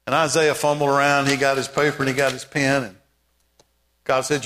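A man preaching a sermon as pastor, emphatic, with repeated calls and rising shouts. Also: medium pitch, little pitch movement, a little fast, in a large hall.

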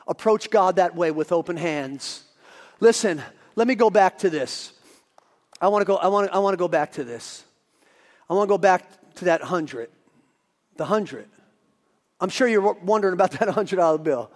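A man preaching a sermon as pastor, moving from quiet asides to shouting. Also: sits high, big-room sound. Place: church.

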